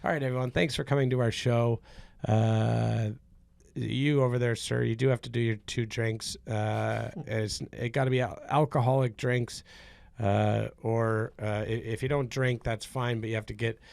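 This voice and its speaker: A man's voice: medium pitch, steady tone, normal speed, gravelly, a little mellow, no room sound. A man co-hosting a comedy podcast, playful and rambling, playing a mock showman as he introduces improv scenes.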